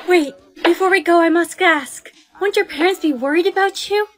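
A woman's voice: very high-pitched, moderate pace, fairly bright tone. A woman voicing an anxious teen girl trapped inside a doll, urgent and pleading.

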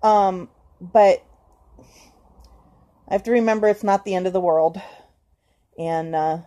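A woman's voice: lowish voice, measured pace, warm tone. A woman talking to camera in a personal confessional vlog, hesitant and earnest, with frequent ums and restarts as she encourages herself. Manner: hesitant, many ums and restarts, talks straight to the viewer. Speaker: vlogger.

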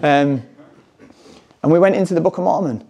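A man's voice: a little high, moderate pace, gravelly, darkish tone. A man speaking candidly at a conference, telling a personal story and reading scripture with emphasis. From England. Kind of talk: personal testimony talk.

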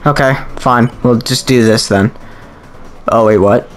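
A man's voice: medium pitch, a little slow, soft background music. A man giving casual gameplay commentary, chatty and reactive, thinking aloud as he plays. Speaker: let's play host.

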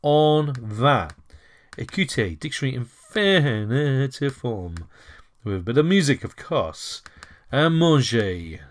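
A man's voice: mid-range voice, sing-song, takes it slowly. A man teaching French in a casual lesson, chatty and self-correcting, who calls his viewers ladies and gents. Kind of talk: casual lesson while writing on a board.

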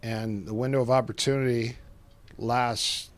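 A middle-aged man who coaches martial arts, telling casual stories in an animated way, acting out quoted voices and often restarting his sentences. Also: medium pitch, measured pace. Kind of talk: casual storytelling.

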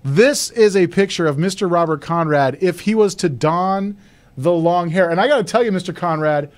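A man's voice: high-pitched, moderate pace. A man co-hosting a talk radio show, upbeat and eager, full of compliments and plugs for the show. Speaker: radio co-host. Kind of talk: casual talk radio banter.

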